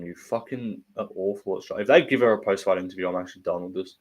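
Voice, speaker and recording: A man's voice: sits low, fast. Guy hosting a fight watchalong, swears constantly, trash-talks everyone, reads chat. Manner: blunt, profane, mocking rant. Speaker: host of a fight watch-along stream. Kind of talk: live-stream fight commentary, reading chat.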